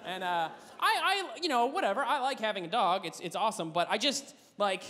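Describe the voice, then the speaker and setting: A man doing a stand-up comedy set, rambling and swearing with animated energy on a comedy club stage. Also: high-pitched, fairly quick, a little hiss or hum. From Canada. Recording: echoey club with audience laughter.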